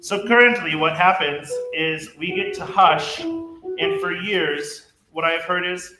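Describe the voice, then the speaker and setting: A man's voice: high voice, slow pace, music in the background. A man leading a choir rehearsal, explaining rhythm and diction and demonstrating phrases by speaking and singing them. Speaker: choir director. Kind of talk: rehearsal instruction. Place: rehearsal room. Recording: roomy echo with faint ambience.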